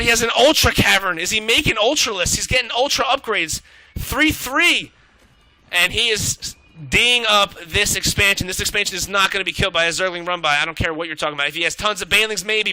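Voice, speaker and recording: A high-voiced esports shoutcaster calls a game live with excitable, rapid reactions and some swearing. The recording is low quality but has no echo.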